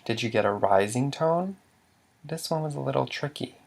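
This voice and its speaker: A man's voice: medium pitch, expressive, normal speed, vocal fry, a little hiss or hum. A man narrating a slide lesson as a language teacher. He asks questions, answers them himself, and often stops to restart a word.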